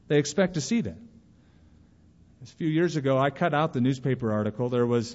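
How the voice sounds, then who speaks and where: Man preaching in a reverberant hall. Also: fairly high pitch. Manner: animated preaching with acted-out quotes. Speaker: pastor. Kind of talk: sermon. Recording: muffled recording in a reverberant hall.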